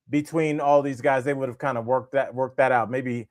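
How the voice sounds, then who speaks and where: A man co-hosting a comedy news podcast, riffing in an animated way and laughing at his own jokes. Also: medium pitch, normal speed, few pauses, dry recording. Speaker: podcast co-host.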